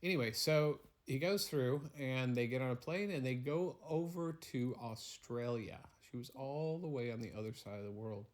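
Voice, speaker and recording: A man's voice: mid-range voice, normal speed, few pauses. A man spinning a playful, rambling bedtime story at home. He narrates in an easy, teasing way, making it up as he goes. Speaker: parent telling a bedtime story.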